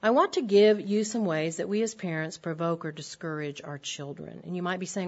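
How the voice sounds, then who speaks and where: A woman's voice: lowish voice, fairly quick, hardly any pauses. Older lady teaching a women's bible class, earnest and direct, lots of ums, dull lo-fi sound. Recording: dull lo-fi recording.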